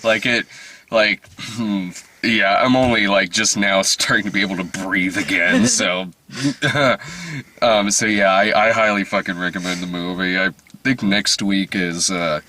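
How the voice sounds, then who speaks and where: A man's voice: low-pitched, measured pace, slight background noise. A man chatting casually in a dim movie theater after a screening, laughing often as he reviews the film. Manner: giggly, laughs often, animated.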